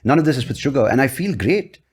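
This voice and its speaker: A man's voice: mid-range voice, animated, quick pace, breathy edge. A man hosting a casual podcast interview, chatting easily and telling personal anecdotes. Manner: chatty, acts out others' voices in quotes. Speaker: podcast host.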